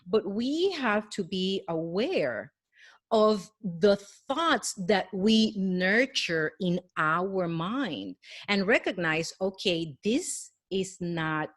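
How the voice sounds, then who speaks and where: A woman's voice: mid-range voice, lively intonation, very slow, dry recording. A middle-aged woman, a wellness coach, giving an earnest, encouraging motivational talk with a guided breathing exercise, speaking straight to the listener.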